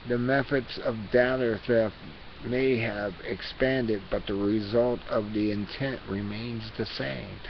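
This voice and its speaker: A man vlogger reading an article aloud, halting and repeating words as he goes. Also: fairly low pitch, gravelly. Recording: dull lo-fi recording with hiss.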